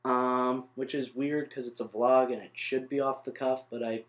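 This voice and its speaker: A man's voice: medium pitch, level tone, moderate pace. A young man ranting in an unscripted vlog review, rambling off on tangents and correcting himself as he goes. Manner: rambling, trails off on tangents, frustrated. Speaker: vlogger reviewing a film. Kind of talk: off-the-cuff vlog rant.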